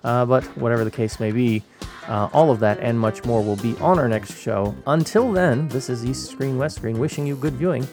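A man co-hosting a film podcast, talking in a relaxed, rambling way with lots of fillers. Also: medium pitch, normal speed, over music. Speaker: podcast co-host. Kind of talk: casual podcast chat. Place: Hong Kong.

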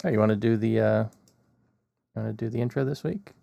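A man co-hosting a film podcast, talking in a relaxed, rambling way with lots of fillers. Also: fairly low pitch, fast talker, creaky, dry recording. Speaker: podcast co-host. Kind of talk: casual podcast chat. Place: Hong Kong.

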